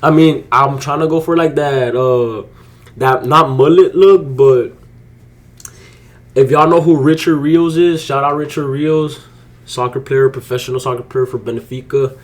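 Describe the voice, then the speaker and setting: Excitable young man narrating his trades. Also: mid-range voice, measured pace. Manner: slangy, excitable, swears freely, talks to viewers. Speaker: day trading vlogger. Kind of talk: casual live commentary while trading.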